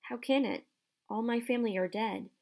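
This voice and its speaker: A woman reading aloud, voicing an earnest young boy wizard who talks in a hushed, urgent way. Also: on the high side, moderate pace, lightly acted.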